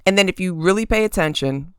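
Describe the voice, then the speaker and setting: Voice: medium pitch, quick pace, a bit bright, smooth, no echo, studio quality. A podcast host giving blunt, casual opinion commentary to camera from a room at home, cursing freely and asking "okay?". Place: room at home with crystals and statues on display. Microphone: camera facing the host.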